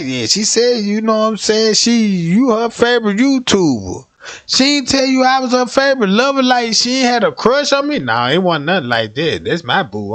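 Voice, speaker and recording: A rowdy young man riffs to his livestream chat in a high voice that leaps all over the place. He swears freely and rants his stories with animated comic energy. The sound is dry and close, with no room around it. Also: normal speed, no room sound. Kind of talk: casual livestream storytelling.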